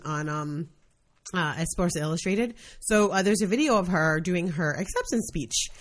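Wry low-pitched woman co-hosting a podcast. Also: lively intonation, moderate pace. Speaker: podcast co-host. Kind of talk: casual chat.

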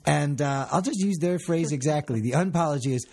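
Husky-voiced man co-hosting a podcast. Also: on the high side, fairly quick. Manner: laughing, animated, acts out quotes. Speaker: podcast co-host. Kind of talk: casual podcast chat.

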